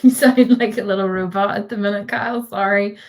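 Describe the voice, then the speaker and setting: A woman's voice: mid-range voice, steady tone, brisk. A woman tutor giving a live online design tutorial over a video call, chatty and giggly with lots of fillers.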